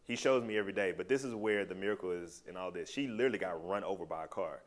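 Speaking to a small group, a man shares his personal testimony in a loose, animated and heartfelt way. His voice is low-pitched and he talks fast.

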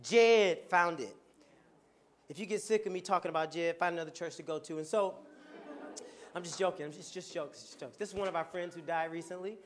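A man preaching a storytelling sermon to his congregation, animated and joking and laughing often as he talks. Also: high voice, a little fast. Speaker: pastor. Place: church before a congregation.

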